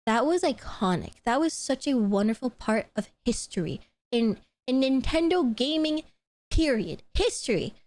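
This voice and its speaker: A young woman streamer chatting casually on a live stream, gushing and excitable, laughing often and swearing freely. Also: fairly high pitch, moderate pace, dry recording.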